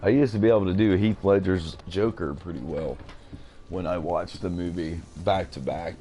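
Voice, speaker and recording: Man, game streamer, casual gameplay commentary, very deep voice, rambling, chatty. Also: moderate pace, dark tone.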